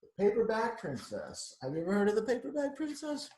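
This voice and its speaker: A man reading a picture book aloud to children, breaking off for chatty asides as he goes. His voice sits a little high for a man, and a roomy echo hangs around it. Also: huge pitch swings, a little fast, a little mellow. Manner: chatty, adds asides to the kids.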